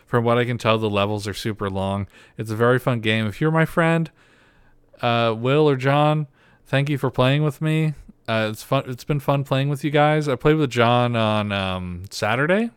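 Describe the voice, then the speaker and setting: A man's voice: medium pitch, normal speed, clear, resonant tone, no echo, studio quality. A man co-hosting a podcast in casual chat, rambling and teasing his co-host.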